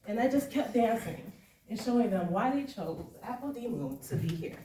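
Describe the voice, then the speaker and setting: A woman's voice: a little high, normal speed, heavy background noise. A woman performing spoken-word storytelling on stage at a live show, chatty and laughing often. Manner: lively, laughing often, conversational. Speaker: performance poet. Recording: echoey live room, far from mic.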